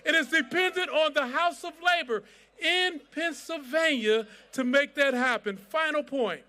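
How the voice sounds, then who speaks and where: A man's voice: very high-pitched, normal speed, bright, forceful tone, some chatter behind. A man giving a fiery rally speech as a civil rights organization president, with a preacher-like cadence and rousing repeated chants.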